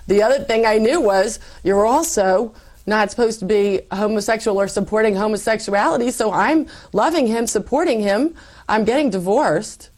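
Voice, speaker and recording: A middle-aged woman giving a personal testimony in conversation, animated, acting out quoted lines. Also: mid-range voice, normal speed. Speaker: guest telling her faith story.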